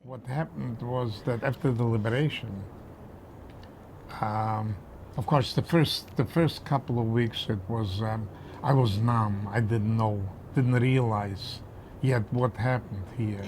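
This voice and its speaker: An older man recounting his past at length, hesitant, with pauses and fillers. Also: medium pitch, background noise. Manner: hesitant, with many fillers and restarts. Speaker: interviewee. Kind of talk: personal recollection.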